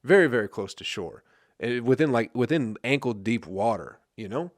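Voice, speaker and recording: Ranting and cursing constantly, a Flint, Michigan man hosts his comedy podcast and often checks in with "you know what I mean, people?" His mid-range voice is expressive at a normal speed, recorded dry with clean studio sound.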